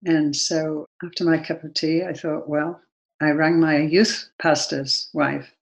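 A woman's voice: sits low, level tone, unhurried, gravelly, rough recording. A woman with an English accent, a guest sharing a personal story earnestly and then leading a prayer. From England.

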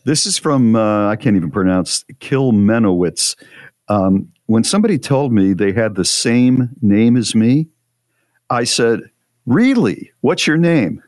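A rambling man co-hosting a radio show, low-pitched and self-deprecating, stumbling over his words as he chats and reads out listener posts. The sound is dry and close, with no room around it. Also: a little slow, darkish tone, no echo. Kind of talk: casual on-air banter, reading listener posts.

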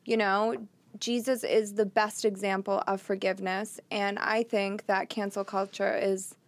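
A woman co-hosting a casual faith podcast, talking warmly with hesitant starts and giggles. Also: medium pitch, little pitch movement, measured pace. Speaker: podcast co-host.

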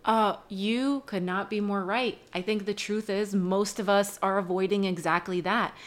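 A woman's voice: mid-range voice, fairly even intonation, normal speed. A woman speaking as a guest coach on a podcast, earnest and emphatic, building her points with growing force. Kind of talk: casual podcast chat.

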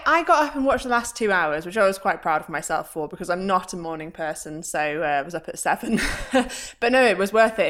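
Relaxed, self-deprecating woman pundit. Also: on the low side. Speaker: podcast guest pundit. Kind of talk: casual chat.

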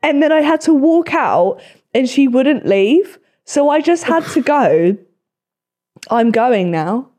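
A woman's voice: sits high, measured pace. A young woman in her twenties hosting a casual podcast chat, telling stories with lots of swearing and acted-out quotes. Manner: animated, swearing, acts out quotes. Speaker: podcast host.

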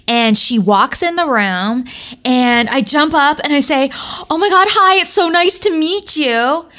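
A woman's voice: on the high side, fairly bright tone. A woman in her forties co-hosting a podcast, telling stories in a chatty way with lots of "like" fillers. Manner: chatty storytelling, many "like" fillers. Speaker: podcast co-host. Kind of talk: casual chat.

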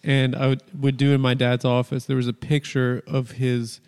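A man's voice: medium pitch, monotone, moderate pace, a little mellow, clean tone, in a large hall. A man hosting a podcast, chatting casually and telling rambling, crude, comedic stories. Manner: rambling, storytelling, crude humor. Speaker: podcast host.

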